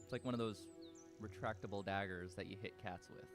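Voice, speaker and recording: A man's voice: lowish voice, fairly even intonation, a little fast. A man chatting casually on a live game stream, rambling through stories and swearing now and then. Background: game music.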